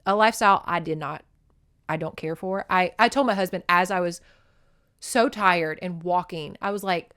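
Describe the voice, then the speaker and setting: A young woman hosting a podcast, telling a rural story in a blunt, animated, swear-heavy casual way. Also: on the low side, moderate pace, clean tone, no echo, clean studio sound. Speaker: podcast host.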